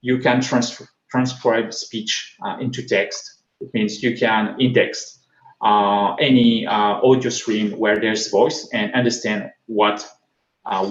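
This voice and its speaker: French-accented man, halting tech talk. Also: mid-range voice. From France. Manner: halting, frequent repeats and fillers. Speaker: conference speaker. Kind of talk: technical conference talk. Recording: roomy, slightly dull recording.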